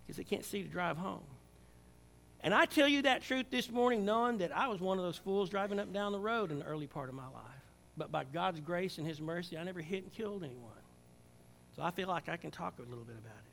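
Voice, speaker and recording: A pastor, older, preaching a Sunday sermon that swings from loud calls to hushed, low passages. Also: male voice, a little fast.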